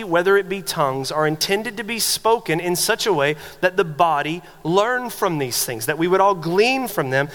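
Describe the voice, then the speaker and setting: A man's voice: high-pitched, a bit bright, big-room sound. A man preaching a sermon as pastor, emphatic and teaching, often restarting with repeated words.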